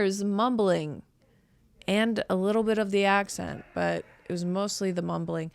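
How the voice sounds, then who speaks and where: A woman's voice: mid-range voice, fairly even intonation, normal speed, vocal fry, clean tone, no echo. A woman in her thirties hosting a podcast, telling a rambling, self-deprecating comedic story full of "like" and restarts. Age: 30s. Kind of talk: casual comedic monologue.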